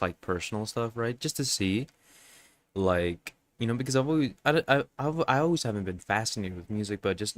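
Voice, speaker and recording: A man with a low, stuffed-up voice chats casually to his viewers while streaming a game. He rambles and leans on constant fillers, checking in with his audience after nearly every phrase. He talks into a desk microphone with a noise filter on. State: congested. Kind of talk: casual live-stream chat.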